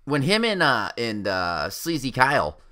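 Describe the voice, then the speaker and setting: A man's voice: medium pitch, a little slow. A man riffs on wrestling in a loose, casual chat, his voice leaping wildly up and down as he jokes. He swears constantly and talks with real enthusiasm for the matches. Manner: profane, joking, animated. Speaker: podcast co-host.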